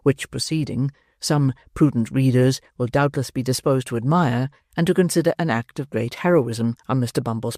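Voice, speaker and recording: An audiobook narrator reading a classic novel in a measured, expressive storytelling manner. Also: medium pitch, no room sound. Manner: measured, expressive storytelling with dry wry emphasis.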